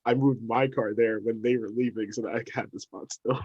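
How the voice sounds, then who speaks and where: A young man chats with friends on a podcast, laughing his way through his stories. His voice sits at an everyday middle pitch. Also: steady tone, darkish tone, husky, lo-fi sound. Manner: laughing storyteller, quick asides. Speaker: podcast co-host. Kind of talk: casual chat.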